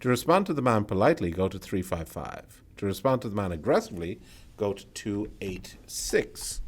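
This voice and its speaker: A man with a lowish, expressive voice plays a solo tabletop horror game, reading its text aloud and narrating. He breaks off now and then for quick asides about the choices he's making.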